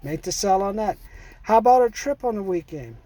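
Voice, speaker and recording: A man's voice: high voice, animated, brisk, warm tone. A middle-aged man giving a rambling, pushy sales pep talk, swearing and calling the listener "man". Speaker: sales trainer. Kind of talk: casual motivational sales talk.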